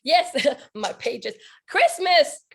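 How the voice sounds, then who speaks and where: A woman life coach from Quebec, chatting on a video call interview, bubbly and laughing often, her voice a little husky today. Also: very high-pitched, very animated, drawn-out words, a bit bright. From Quebec, Canada. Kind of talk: casual interview chat.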